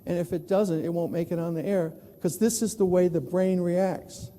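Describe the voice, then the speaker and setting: A man from New York tells stories on a conference stage and acts out the voices of the people he quotes. His voice sits high but sounds deep and mellow in tone. The sound has the long reverb of a large hall. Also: fairly even intonation, moderate pace. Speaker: plenary speaker. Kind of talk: conference keynote storytelling.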